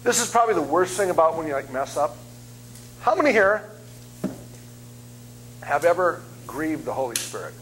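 A man in his fifties preaching as a guest speaker, telling funny stories in an animated, self-deprecating way. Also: fairly high pitch, normal speed, pauses often, a little hiss or hum, poor audio. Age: 50s. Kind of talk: humorous sermon storytelling. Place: church sanctuary.

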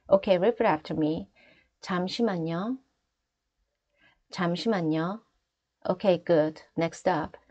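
A woman with a Korean accent, a native Korean speaker, teaching travel phrases in a clear, deliberate lesson voice. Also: lowish voice, warm tone, lo-fi sound. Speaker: language teacher. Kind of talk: scripted lesson narration.

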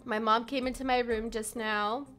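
A young woman with a high, bright voice gushes and giggles her way through reaction commentary. Her pitch swings widely and she takes her time between phrases. Faint music plays under her voice. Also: little pitch movement, moderate pace. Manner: gushing and giggly. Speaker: host reacting to pet videos.

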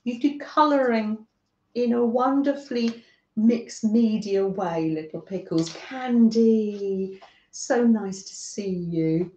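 A woman from northern England who hosts a craft livestream, chatting gently with viewers by name and often laughing as she works. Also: mid-range voice, slow. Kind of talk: casual chat with live viewers while crafting. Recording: echoey room, dull lo-fi sound.

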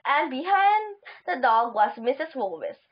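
A woman reading a children's book aloud, halting and stumbling over words. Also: sits high, big pitch swings. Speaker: audiobook reader. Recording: dull lo-fi recording.

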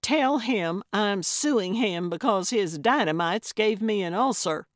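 A woman's voice: medium pitch, expressive, slow pace, no echo, studio quality. A woman voicing a bossy older female amateur sleuth who talks bluntly and pushily. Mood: pushy. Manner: brash, blunt and pushy.

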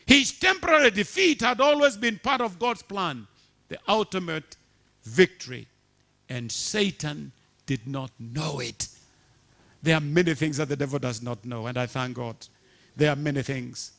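A man's voice: fairly high pitch, normal speed, creaky. A man preaching a sermon with passion, repeating rhetorical questions to the congregation.

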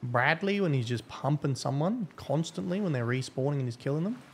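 A man's voice: fairly high pitch, expressive, a little fast, slight background noise. A man giving casual, profane, rambling live-stream commentary as a game streamer.

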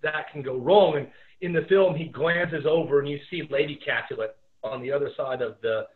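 A man teaching a lesson over a video call, in a relaxed, rambling way full of fillers. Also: fairly high pitch, fairly quick. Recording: tinny phone-like audio.

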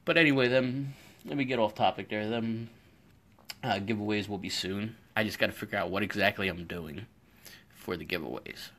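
Male stream host, lower voice, loose chatty storyteller, talking into a phone in his workshop. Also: moderate pace, fairly bright tone. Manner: rambling, chatty storytelling with frequent fillers. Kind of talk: casual live-stream chat. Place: indoor home workshop. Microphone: phone camera.

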